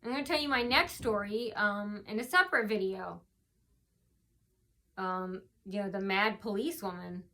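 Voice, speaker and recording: A woman's voice: medium pitch, normal speed, bright, forceful tone. A woman vlogger telling a long story to camera, rambling with many fillers and restarts, tearful from earlier crying. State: tearful, face swollen from crying.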